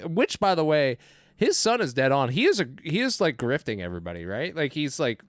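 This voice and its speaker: A man's voice: a little high, very animated, a little fast, no echo, clean studio sound. A man co-hosting a movie podcast, chatting casually, laughing often and acting out quotes from the film. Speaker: podcast co-host. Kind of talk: casual movie review chat.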